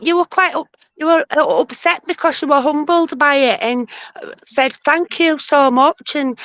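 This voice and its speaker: A woman's voice: high voice, fairly bright tone, no echo. A woman, a guest on a livestream, talking in a rambling, chatty way with lots of hesitation. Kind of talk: casual chat.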